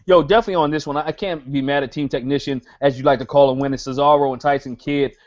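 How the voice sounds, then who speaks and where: A man hosts a wrestling podcast in a hyped announcer manner and repeats phrases for effect. His voice sits somewhat high, and the audio is dull and lo-fi. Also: steady tone, fast, darkish tone. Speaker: podcast host. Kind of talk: show-opening podcast chat.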